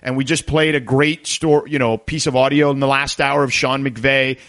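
A man in his thirties hosting a sports radio call-in show, reading phone numbers and promos quickly and chatting with many "uh" fillers. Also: mid-range voice, flat delivery, a bit bright.

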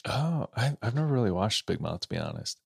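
A man co-hosts a podcast in relaxed, casual chat, hedging a bit as he starts his points and laughing often. His voice sits low, and the sound is dry and close, with no room around it. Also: brisk, creaky, breathy edge, no room sound. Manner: laid-back, hesitant, laughs often. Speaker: podcast co-host.

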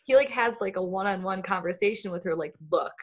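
A woman co-hosting a podcast, chatting casually with quick asides and frequent laughter. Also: medium pitch, lo-fi sound. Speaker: podcast co-host. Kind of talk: casual chat.

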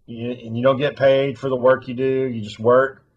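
A man's voice: mid-range voice, flat delivery, moderate pace, breathy edge, highs cut off. A man telling a long story in casual chat, rambling and swearing freely.

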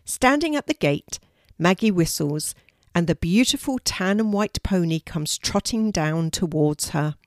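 An older woman, a grandmother, reading a children's story aloud in a calm, clear way. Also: fairly low pitch, measured pace, no room sound, clean studio sound.

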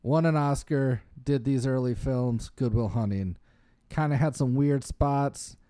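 Mellow-voiced man chatting about movies. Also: medium pitch, unhurried, smooth, no room sound, studio quality. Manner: rambling, enthusiastic, lots of fillers. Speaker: podcast co-host. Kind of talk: casual chat about movies.

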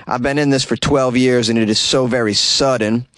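A man voicing a worried middle-aged dog farmer, complaining in a plain, halting way. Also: mid-range voice, fairly even intonation, a bit bright, dry recording, natural voice.

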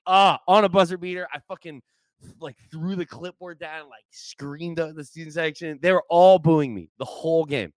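A man's voice: fairly high pitch, moderate pace, no echo. Dry-sounding man, rambling storyteller. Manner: rambling, animated anecdotes with profanity. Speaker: podcast co-host, former team manager. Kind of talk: casual podcast chat.

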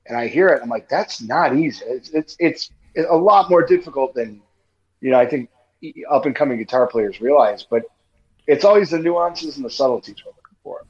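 A man's voice: mid-range voice, expressive, a little fast, darkish tone, muffled recording. A man co-hosting a podcast in casual chat, rambling with lots of fillers. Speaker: podcast co-host.

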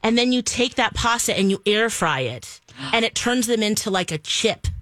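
A woman's voice: on the high side, expressive, fairly bright tone, no room sound. Bubbly woman radio co-host. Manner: chatty and bubbly, quick asides. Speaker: radio morning show co-host. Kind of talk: casual morning radio chat. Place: radio studio.

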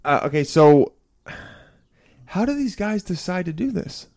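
A young man co-hosting a casual podcast, loud and joking, laughing often. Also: high-pitched, big pitch swings, unhurried, creaky. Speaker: podcast co-host and comedian.

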